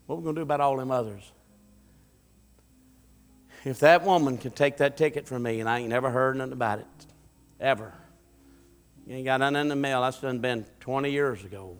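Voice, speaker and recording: A man's voice: mid-range voice, a little fast. A man preaching a sermon in a fervent, folksy way and telling a story from the pulpit. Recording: long hall reverb.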